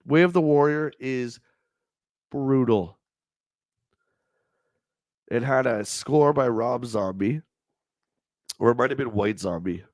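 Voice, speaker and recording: A man's voice: medium pitch, takes it slowly, pauses often, darkish tone, no echo, studio quality. A man with a stuffed-up, nasal voice hosting a livestream, reading old magazine reviews aloud and riffing on them in a rambling, jokey way. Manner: rambling, jokey, reads then riffs on the text.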